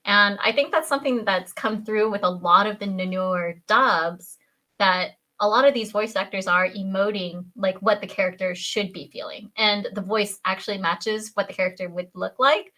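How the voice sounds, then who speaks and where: A woman with a bright, forceful voice at a middle pitch talks as a podcast guest. She keeps the chat lively and keeps slipping into funny put-on voices for the quotes she acts out. The tone stays casual throughout. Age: adult, a parent. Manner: chatty, quick to act out quotes in funny voices.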